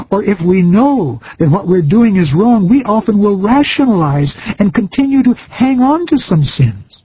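A man preaching a recorded sermon in an earnest, measured way, with folksy stories. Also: high voice, breathy edge, no echo, lo-fi sound.

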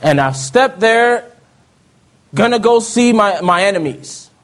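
Man, high voice, personal testimony, earnest, soft low drops. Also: animated, unhurried. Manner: earnest storytelling, dropping to soft low tones. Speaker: speaker giving testimony.

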